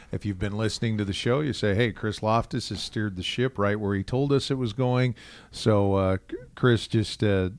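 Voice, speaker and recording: A man's voice: on the low side, darkish tone, dry recording. A man co-hosting a radio talk show, upbeat, praising and prompting the main host.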